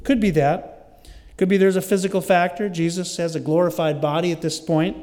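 Male pastor, high voice, earnest verse-by-verse sermon, church hall with long reverb. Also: fairly even intonation, normal speed, darkish tone. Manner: earnest, explanatory, verse-by-verse teaching. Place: church sanctuary.

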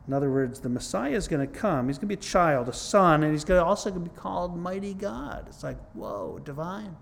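A man's voice: on the high side, fast, vocal fry, hardly any pauses. A middle-aged man preaching a sermon in a conversational, earnest way, mixing scripture with his own testimony. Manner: conversational, earnest, repeats "it's like, whoa".

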